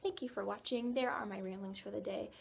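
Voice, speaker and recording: A woman's voice: medium pitch, fairly even intonation, brisk, gravelly, slight background noise. A young woman vlogger casually retelling a dream, rambling with lots of "like" and fillers. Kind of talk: casual storytelling.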